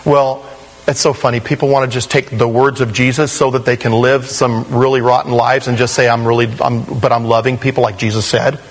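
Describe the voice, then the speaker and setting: A man preaching a sermon in a conversational, animated way, with sudden rises in pitch. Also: a little fast, rough recording. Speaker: pastor.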